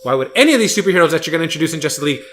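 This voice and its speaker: Guy ranting quick on a podcast, high voice, swears a lot. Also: animated, fairly bright tone, a little hiss or hum. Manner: ranting, heated, swears freely. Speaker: podcast co-host. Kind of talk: casual chat.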